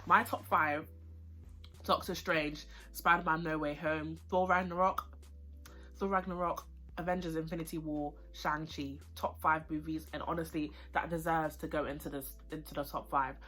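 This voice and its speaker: A woman's voice: sits low, normal speed, soft background music. A young woman, chatting casually while eating and reviewing food and a film. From United Kingdom. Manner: chatty, excitable, slangy, eating while talking. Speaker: vlogger. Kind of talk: casual mukbang chat and review.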